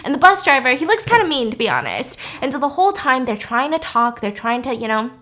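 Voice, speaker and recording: A woman vlogger retelling a movie plot in a chatty, animated way, casually swearing. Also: high voice, fast. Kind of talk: casual movie recap storytelling.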